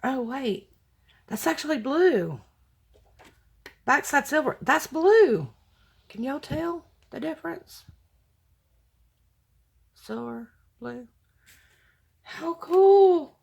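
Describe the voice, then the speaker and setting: A woman's voice: sits high, animated, extremely slow, creaky, long pauses, a little mellow. A woman chatting casually to viewers as she unboxes craft mail, gushing and exclaiming with thanks. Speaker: craft vlogger opening mail.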